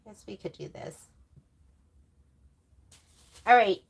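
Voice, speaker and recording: A woman's voice: medium pitch, expressive, slow, gravelly, breathy edge. A woman presenting a sewing stream from her home sewing room, chatting in a rambling way with laughing asides. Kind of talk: casual livestream chat.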